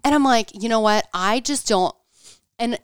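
A woman's voice: on the high side, normal speed, clean tone, dry recording. A woman in her thirties in casual chat, telling a story animatedly, acting out quotes and saying "like" a lot.

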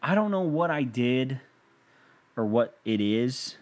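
A man's voice: mid-range voice, animated, takes it slowly. A young man hosting a podcast in a rambling, profane, self-mocking casual monologue. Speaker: podcast host.

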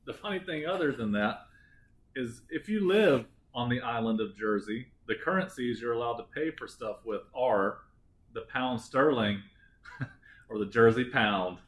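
A man's voice: medium pitch, a little slow, a bit bright, low-quality recording. Male podcast co-host, crude and jokey, ordinary middle-range voice. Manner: joking, crude, laughing often. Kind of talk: casual true-crime podcast chat.

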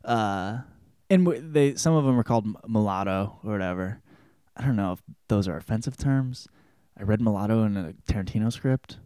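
A man's voice: lowish voice, normal speed, warm tone, smooth, no room sound, clean studio sound. A man hosting a podcast, giving a casual spoken book report in a rambling, joking way with lots of swearing. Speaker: podcast host.

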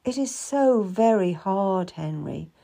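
A woman voicing a grieving Puritan widow, soft and earnest, in an audiobook reading. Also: mid-range voice, lively intonation, slow pace, gravelly, exaggerated voice. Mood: sorrowful. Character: grieving Puritan widow, lonely, gentle and shy.

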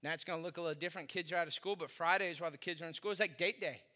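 A middle-aged man preaching a sermon as a pastor, telling funny stories from his marriage and breaking into shouts now and then. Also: a little high, racing, big-room sound. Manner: animated humorous storytelling, bursts into shouting.

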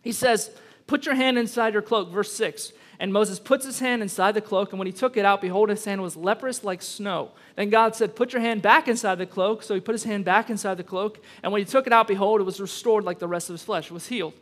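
A man's voice: sits high, brisk. A man pastor preaching a sermon, reading scripture and then making emphatic points with conversational asides to the congregation. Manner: emphatic, rising to loud peaks on key points.

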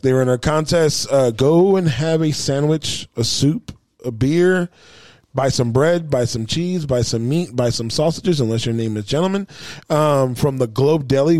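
Podcast dude rambling through sponsor plugs, dry close mic. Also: male voice, medium pitch, moderate pace, a little mellow, no echo. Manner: rambling, promo-style plugs. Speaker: podcast co-host. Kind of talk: casual podcast chat.

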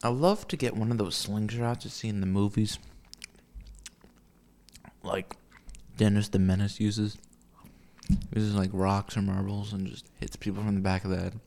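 A man's voice: fairly low pitch, measured pace, gravelly, long pauses, a little mellow. A drunk young man rambling alone, profane and meandering, with mumbled asides. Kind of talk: rambling solo monologue.

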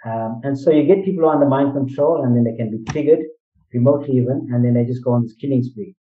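Speaking at a quick pace and medium pitch, this interviewee lays out his points earnestly, asking rhetorical questions, drawing analogies, and repeating himself. He's recorded from a distance on a dull mic that picks up the room.

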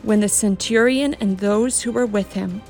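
Gentle woman telling a children's Bible story. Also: normal speed, soft background music. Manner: gentle, emphatic storytelling with a lot of pitch movement.

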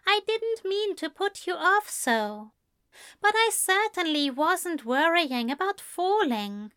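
Woman reader as a nervous, courteous male angel in a storybook: high, stammering, formal. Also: sing-song, takes it slowly, a bit bright, no echo, clean studio sound, heavily acted. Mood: earnest. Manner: hesitant, stammering, polite. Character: fretful, gentle male angel, soft-spoken and formal.

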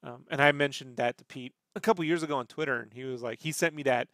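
Speaking quickly at a medium pitch with a fairly bright tone, this podcast host rambles through profane stories in a casual chat. The recording is dry, with clean studio sound.

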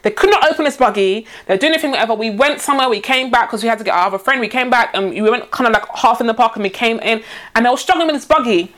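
A woman's voice: on the high side, very fast, hardly any pauses. A young woman telling a story in casual chat, acting out the voices of the people in it. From Nigeria. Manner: animated storyteller, acts out quoted voices.

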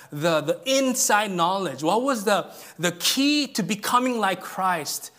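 A male pastor preaching a sermon in an earnest way, dropping to a hush and then rising to emphatic peaks. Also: on the high side. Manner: earnest, swings from hushed to emphatic.

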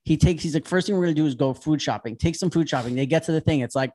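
A man's voice: fairly high pitch, rapid-fire, few pauses. A man recapping reality TV on a podcast, talking casually, swearing a lot and acting out the people he describes. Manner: animated, swearing, acts out people he retells.

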